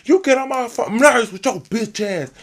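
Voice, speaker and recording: A woman's voice: medium pitch, lively intonation, brisk. A woman voicing an aggressive, hot-tempered young man who curses, threatens and boasts about his rapping. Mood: furious.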